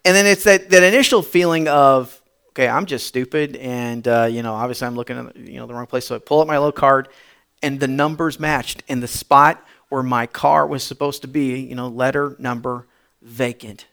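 A male pastor telling a story in a sermon, chatty and repetitive, building to loud emphatic bursts. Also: mid-range voice, fairly even intonation, moderate pace, creaky, smooth.

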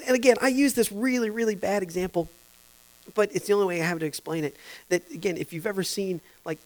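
A high-voiced male preacher delivers an impassioned sermon. He drops to near whispers and then climbs to shouting, repeating his phrases for emphasis. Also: rough recording. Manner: swings from hushed whispers to loud shouting; impassioned, repetitive preaching with restarts. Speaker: pastor.

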